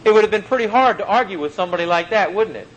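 A man preaching a sermon, slowing down and dropping low on key phrases and mixing in homely stories. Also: animated, muffled recording. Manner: emphatic, slows and drops low on key phrases, folksy anecdotes.

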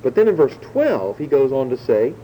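Male pastor, dark mellow tone, measured verse-by-verse sermon delivery, slight rumble behind. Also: sing-song, poor audio. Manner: measured teaching, slowing to stress key words.

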